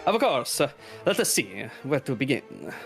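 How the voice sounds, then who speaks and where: A man's voice: medium pitch, sing-song, moderate pace, creaky, over music. A man voicing a flamboyant, pompous male fox prince with a put-on mock Spanish accent and flowery, over-polite speech. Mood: grandiose.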